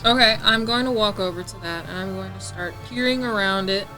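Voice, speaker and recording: A woman's voice: mid-range voice, a little fast, sharp tone, faint music behind. A woman playing a tabletop game who casually lays out her moves step by step. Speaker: player.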